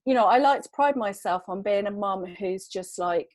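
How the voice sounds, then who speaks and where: A woman in her thirties on a video call, talking casually in a group chat and telling a story in a lively, self-deprecating way. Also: mid-range voice, moderate pace, no room sound, rough recording. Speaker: podcast regular in sobriety group.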